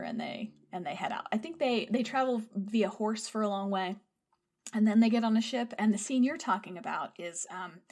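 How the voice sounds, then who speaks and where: A woman co-hosting a podcast who animatedly retells a film in casual chat, laughing often and swearing freely. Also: medium pitch. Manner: animated storyteller, swears, laughs often, acts out quoted lines. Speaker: podcast co-host.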